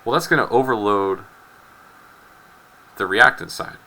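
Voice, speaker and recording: A man's voice: lowish voice, lively intonation, unhurried, bright, forceful tone, low-quality recording. A man teaching a chemistry lecture in a loose, joking way, rambling into asides and often repeating his words. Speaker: chemistry instructor. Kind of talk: casual recorded lecture.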